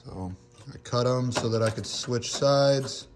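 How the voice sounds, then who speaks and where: A young man talks through his car build in a garage, his voice hoarse from overuse. His pitch sits mid-range, and he explains things casually and plainly, with the odd curse word. A faint hiss of background noise sits under his phone recording. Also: unhurried. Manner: casual, explanatory, occasional swearing. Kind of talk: casual how-to narration.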